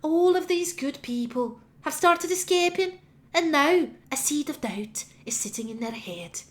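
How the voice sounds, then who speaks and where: A sly old hag cackles her taunts, as a woman puts her on for a tabletop game. The voice rides high and sing-song, gloating at her captors. It is theatrical and mocking. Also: expressive, measured pace.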